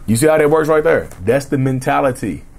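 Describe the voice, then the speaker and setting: A man hosting a casual solo podcast, talking in a rambling, repetitive way with a slightly rough throat he keeps clearing, and often asking the listeners "right?". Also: medium pitch, animated, brisk, a little mellow. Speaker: podcast host.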